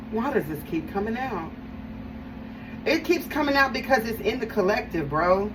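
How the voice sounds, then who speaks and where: A fairly high-voiced woman talks her way through a tarot spread, chatty and emphatic, looping back on phrases and addressing her viewers directly. She sits a little back from the microphone, and a faint hiss of background noise runs under her voice. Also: lively intonation, measured pace. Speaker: tarot reader. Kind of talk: casual live tarot reading to viewers. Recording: voice a bit far from the mic, faint background noise.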